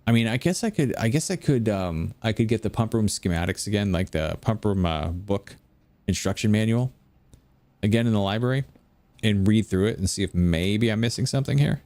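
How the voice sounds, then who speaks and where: A man's voice: lowish voice, expressive, fairly quick, darkish tone, no echo. A man, rambling and chatting with viewers during casual gameplay commentary at home late at night. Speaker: gaming video creator.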